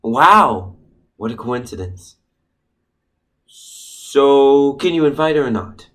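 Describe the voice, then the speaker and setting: A man's voice: mid-range voice, lively intonation, takes it slowly, fairly bright tone. A man voicing a lovesick rich young man with a put-on posh manner in a student comedy play, breezy and smug.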